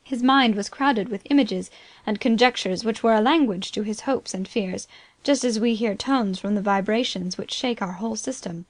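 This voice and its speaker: A woman narrating an audiobook of a classic novel. She reads in steady, even scripted narration at a middle pitch. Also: normal speed, dry recording.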